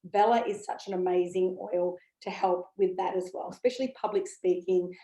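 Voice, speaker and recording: A woman's voice: fairly low pitch, fairly even intonation, moderate pace, dark tone. A woman giving a casual, enthusiastic talk about essential oils, chatty with many ums and okays. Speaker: essential oil educator. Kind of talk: casual product talk to camera. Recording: echoey room.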